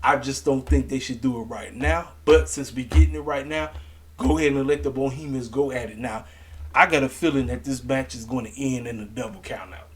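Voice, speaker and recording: Animated slangy man reviewing wrestling. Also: medium pitch, fairly quick. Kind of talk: casual opinionated commentary to camera.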